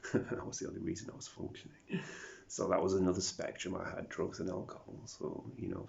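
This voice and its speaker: A very deep, heavily gravelly man with a British accent who grew up in South Africa, rambling through a confessional video diary. He mumbles, swears freely and slips into whispers. The recording sounds dull and lo-fi. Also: a little mellow. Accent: British, picked up over a South African upbringing. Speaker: vlogger.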